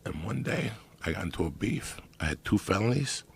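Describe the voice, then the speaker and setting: A middle-aged man telling stories in casual podcast talk, profane and animated. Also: lowish voice, fairly quick, vocal fry, breathy edge. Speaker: guest storyteller.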